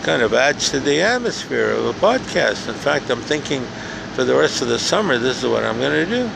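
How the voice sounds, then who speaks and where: Gravelly older man telling a story. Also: medium pitch, sing-song, brisk. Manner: earnest, repetitive, builds to emphatic rhetorical questions. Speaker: podcast host. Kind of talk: motivational storytelling monologue. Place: outdoors in a park. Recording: faint outdoor background noise.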